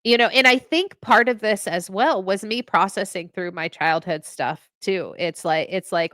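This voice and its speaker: A woman in her thirties, a podcast co-host and veteran, talking in a heartfelt, halting way and reading a poem. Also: medium pitch, fairly bright tone, no echo. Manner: emotional, halting with restarts.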